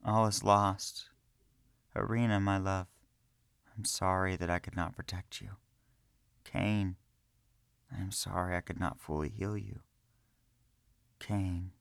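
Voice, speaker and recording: A man's voice: low-pitched, little pitch movement, slow pace, gravelly, pauses often, fairly bright tone, no room sound, full character voice. A man voicing a desperate young male warlock who cries out in raised, angry protests, in an audiobook reading. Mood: despairing. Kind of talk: audiobook character voice.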